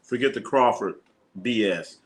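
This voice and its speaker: A man hosting a live sports stream reads viewer comments aloud and riffs on them with loose, profane jokes. His voice is lowish and his pace a little slow.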